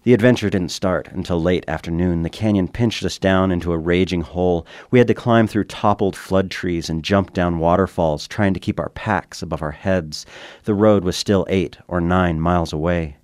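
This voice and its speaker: A man, a radio commentator, reading a reflective personal essay in a measured, quiet storytelling manner. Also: low-pitched, no echo, clean studio sound.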